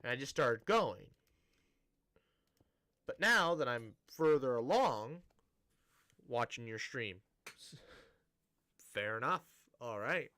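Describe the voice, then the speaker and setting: A man's voice: medium pitch, animated, takes it slowly, long pauses, pushed and bright. A man streaming a building game, chatting casually to viewers in a rambling, self-interrupting way with a dry, sarcastic-sounding tone.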